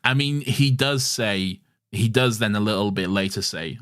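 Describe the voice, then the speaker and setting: A man's voice: fairly low pitch, measured pace, a bit bright. A man co-hosting a podcast in casual chat, laughing often and swearing freely. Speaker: podcast co-host.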